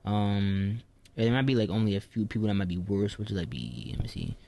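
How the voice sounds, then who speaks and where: A man co-hosting a podcast, thinking aloud with hesitant pauses and fillers. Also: lowish voice, gravelly, warm tone. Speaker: podcast co-host. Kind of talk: casual fantasy football chat.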